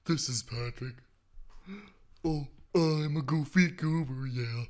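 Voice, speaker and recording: A man voicing a goofy, dim adult male cartoon starfish, breathy and dragging out every word. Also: fairly high pitch, darkish tone, voice pushed up. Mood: dopey. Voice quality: breathy, elongated words. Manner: dopey and slow.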